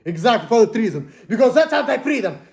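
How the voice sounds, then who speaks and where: A man ranting to the camera in a profane, agitated way, swinging between muttering and shouting. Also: extremely high pitch, sing-song, quick pace, echoey room. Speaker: vlogger. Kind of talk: angry personal rant.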